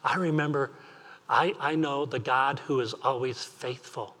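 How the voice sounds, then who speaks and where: Male pastor, bright clear voice, earnest repetitive preaching. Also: medium pitch, unhurried. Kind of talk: sermon.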